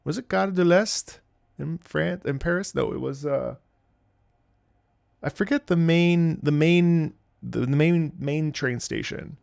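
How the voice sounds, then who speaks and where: A man's voice: a little high, takes it slowly, gravelly, a little mellow, no room sound, studio quality. A young man streaming, chatting casually in a rambling way, laughing and swearing freely. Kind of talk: casual live-stream chat.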